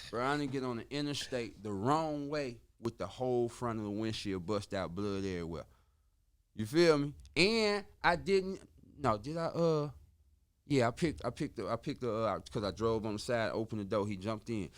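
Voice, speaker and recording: A man telling a story on a podcast in casual street slang, dropping in sound effects like woo and boom. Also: normal speed. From Chicago. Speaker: podcast guest.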